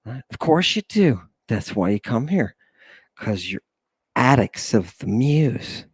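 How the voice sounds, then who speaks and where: A male host with a mid-range, slightly rough voice lectures slowly on scripture, with no echo in the recording. He's animated and preacherly, sighing often, dropping sarcastic asides, calling listeners "people" and constantly asking "right?"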